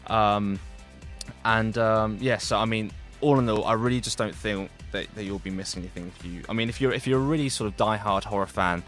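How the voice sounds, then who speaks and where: A young man reviews a film on the radio in quick, rambling speech. His voice sits slightly low and is full of fillers and false starts. Faint music plays under the studio talk. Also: a bit bright. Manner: rambling, heavy with fillers and restarts.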